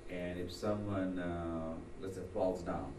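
A man in a group discussion, making his point haltingly with fillers and restarts. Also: low-pitched, steady tone. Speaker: group member. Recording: echoey room, far from mic, faint noise.

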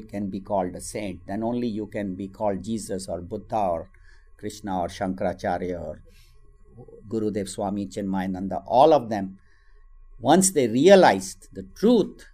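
A man, giving a spiritual teaching on scripture and acting out a story as he tells it. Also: medium pitch. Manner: animated storytelling, acts out voices in quotes.

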